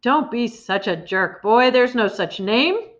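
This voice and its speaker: A woman's voice: a little high, lively intonation, takes it slowly, a bit bright. A woman voicing a huge, bullying headmistress who bellows insults and drips with sarcasm, read from a storybook in a slightly muffled recording. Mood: outraged.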